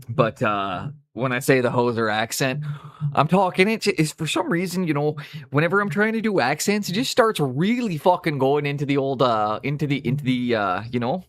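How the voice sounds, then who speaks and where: A man's voice: medium pitch, no echo. Rambling Canadian man chatting on stream. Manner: rambling, self-correcting, easygoing. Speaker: streamer painting miniatures. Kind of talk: casual live-stream chat.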